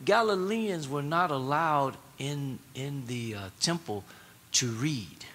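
A man's voice: medium pitch, expressive, slow, fairly bright tone, a little hiss or hum. A man preaching a sermon in a casual, colloquial way, repeating his words and prompting the congregation to answer back. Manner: repetitive, call-and-response prompts to the congregation.

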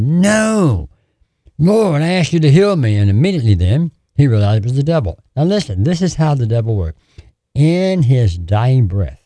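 A man delivering a fervent sermon, hammering his points through repetition. His voice is low, dark and husky, and it swings widely in pitch as he presses on. The sound is dry and close, with no room around it. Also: dry recording. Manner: emphatic, repetitive, fervent preaching. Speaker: preacher.

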